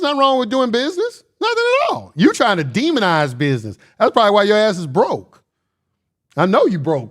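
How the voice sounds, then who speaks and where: High-voiced man ranting at his chat. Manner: combative, lecturing, boastful, slangy; repeats phrases for emphasis. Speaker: livestream host answering chat. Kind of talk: casual livestream rant.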